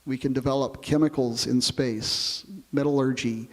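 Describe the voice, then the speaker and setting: A man who flew as an astronaut, telling his experiences in an oral history interview in a relaxed storytelling way. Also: mid-range voice, normal speed, big-room sound. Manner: relaxed storytelling, explains with comparisons.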